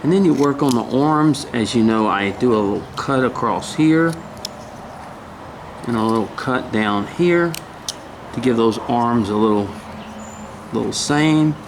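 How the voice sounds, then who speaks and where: With long pauses and a measured pace, a mid-range male voice leads a relaxed woodcarving lesson step by step. The instructor is folksy and chatty, humming and muttering as he carves, and background noise can be heard.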